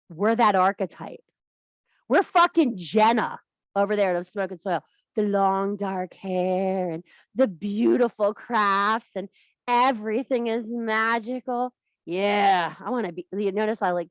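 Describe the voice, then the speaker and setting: A woman's voice: mid-range voice, dry recording. A woman hosting a workshop in a blunt, profane, theatrical way, often laughing. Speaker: workshop host. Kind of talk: fiery informal workshop talk.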